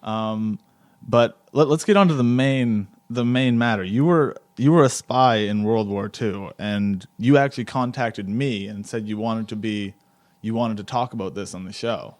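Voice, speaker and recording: A man's voice: fairly low pitch, normal speed. A man hosting an improvised comedy podcast interview, rambling and stammering, often cracking up. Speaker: podcast host.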